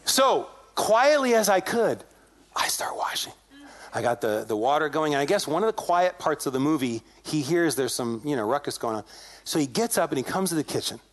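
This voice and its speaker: A man's voice: medium pitch, animated, quick pace. A male pastor preaching a sermon, telling a story in a conversational way and acting out the quoted dialogue with animation. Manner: conversational, addresses congregation directly.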